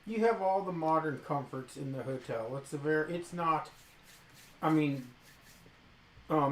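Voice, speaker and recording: Man narrating in an echoey room. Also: mid-range voice. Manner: descriptive, measured narration. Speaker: game master. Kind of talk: tabletop role-play narration.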